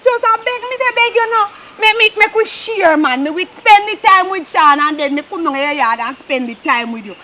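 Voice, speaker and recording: A woman with a Jamaican accent acting a frantic young woman torn between two men, pleading, tearful and at times shouting. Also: very high voice, expressive, fairly quick, hardly any pauses, exaggerated voice. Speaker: actor in a Jamaican drama. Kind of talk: low-budget drama acting.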